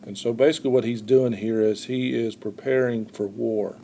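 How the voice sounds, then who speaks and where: A man teaching a history lesson in an explaining tone, often pausing with "uh" and repeating words as he goes. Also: mid-range voice, fairly even intonation, vocal fry, dark tone, a little hiss or hum. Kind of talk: recorded classroom lecture.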